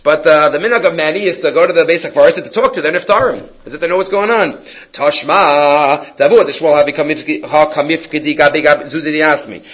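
Man, high voice, talmud class, translates line by line, acts out lines. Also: fairly quick, dull audio. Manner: lively, acts out the story's dialogue. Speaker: Talmud teacher.

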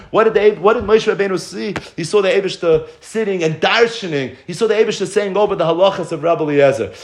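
A man teaching a Torah story as a lively storyteller who acts out the quotes. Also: high voice. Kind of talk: storytelling lesson. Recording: echoey room.

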